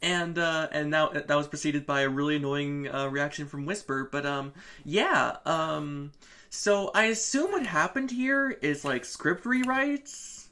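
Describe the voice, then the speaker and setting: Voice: mid-range voice, measured pace, bright, forceful tone. A co-host with a mid-range voice chats casually on a live comic review stream. This co-host mostly agrees, speaks to viewers in chat, and slips in dry, sarcastic jokes along the way. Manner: wry, agreeing, sarcastic asides.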